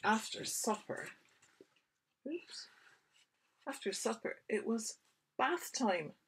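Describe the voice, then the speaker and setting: A woman author reading a picture book aloud to small children, gently asking her young listeners questions. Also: on the high side, animated, takes it slowly, slight background noise.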